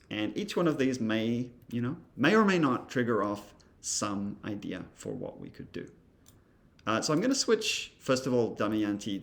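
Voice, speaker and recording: A man's voice: fairly low pitch, vocal fry. A man giving a casual recorded lesson, thinking aloud with many ums and uhs. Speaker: instructor. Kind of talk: recorded lecture demonstrating software.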